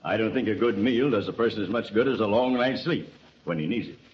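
A low, friendly male voice for a good-natured officer, hearty and easygoing, as an actor plays him. It comes through a lo-fi old radio recording with a faint hiss. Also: a little fast, close to an everyday voice. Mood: genial. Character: hearty middle-aged male major. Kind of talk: 1930s radio drama acting.

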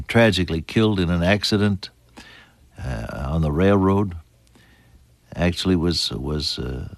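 A man preaching a sermon, earnest, building to emphatic high points and then falling soft and hushed. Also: no room sound.

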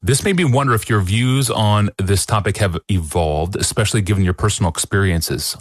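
A man hosting a podcast, reading out a listener's question in a measured, earnest way. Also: sits low, no echo, clean studio sound. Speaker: podcast host.

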